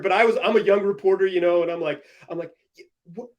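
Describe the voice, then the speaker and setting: A fast-talking young man with a high voice runs a casual sports podcast. He tells animated, energetic stories and laughs as he tells them.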